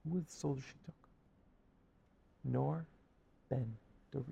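A man telling a story in a sermon as a Torah teacher, dramatic, dropping to a hush and then rising to emphatic peaks. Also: medium pitch, measured pace, vocal fry, slightly rough, long reverb tail, highs cut off. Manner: dramatic, swings from hushed to emphatic.

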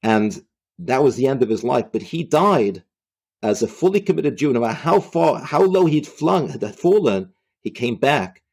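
A man retelling a religious story in a halting way, often repeating himself. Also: medium pitch, sing-song, gravelly, a little mellow, breathy edge.

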